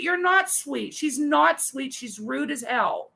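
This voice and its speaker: A woman's voice: high voice, very animated, a little slow, creaky, fairly bright tone, low-quality recording. A woman co-hosting a casual chat, telling an exasperated, ranting story. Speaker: co-host.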